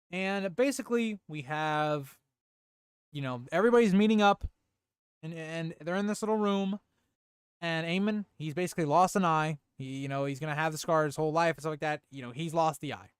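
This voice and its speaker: A young man casually reviewing a TV episode on a live stream, animated and exclamatory, peppering his talk with "like" and "dude". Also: on the high side, clean tone, no echo, clean studio sound.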